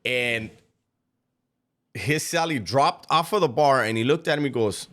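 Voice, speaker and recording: A man's voice: medium pitch, measured pace, fairly bright tone. A man giving reaction commentary on a played clip, sarcastic and mocking, with a casual storytelling manner.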